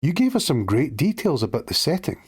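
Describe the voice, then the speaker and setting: A man voicing a kind, encouraging young woman from a storybook, lifting his voice high. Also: very animated, moderate pace, slightly rough, no room sound, clean studio sound.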